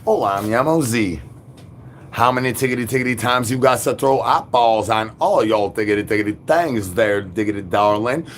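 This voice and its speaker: A man's voice: on the low side, moderate pace. Rambling sing-song man, faint hiss. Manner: absurd sing-song rhyming babble, silly nonsense words. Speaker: livestream host. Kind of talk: rambling nonsense monologue.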